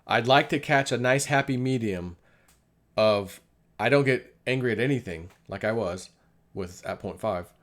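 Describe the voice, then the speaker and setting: A man's voice: medium pitch, a little slow, a bit bright. A middle-aged man talking casually about his life in a rambling, confessional monologue, often acting out what people said. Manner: rambling, confessional, acts out quoted dialogue. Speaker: vlogger.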